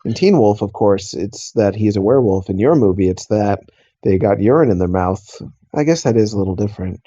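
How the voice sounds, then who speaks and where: A man co-hosting a comedy podcast, making dry, deadpan asides. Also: on the low side, brisk, dull audio. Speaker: podcast co-host.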